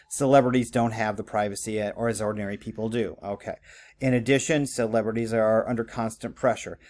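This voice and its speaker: A man teaching writing in a conversational lecture, with many fillers and frequent "okay?" checks. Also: mid-range voice. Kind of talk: recorded classroom lecture.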